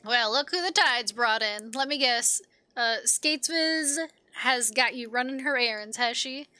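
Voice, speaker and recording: A woman's voice: fairly high pitch, measured pace, sharp tone, clear, resonant tone, no echo. A woman voicing a blunt camp commander who grumbles in a dry, plain-spoken way. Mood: wry. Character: gruff weary camp commander, blunt and wry.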